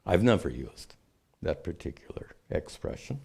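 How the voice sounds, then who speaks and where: A man, a spiritual teacher, answering questions in a measured, explanatory way. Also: sits low, very animated, vocal fry, mellow, slightly rough. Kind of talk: unscripted teaching talk.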